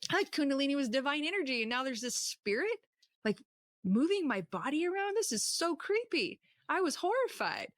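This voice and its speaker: A woman telling a personal testimony in a lively storytelling way, acting out what people said with sudden jumps up in pitch. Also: a little fast, dry recording, studio quality. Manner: animated, acts out quotes with sudden high pitch jumps. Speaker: testimony speaker.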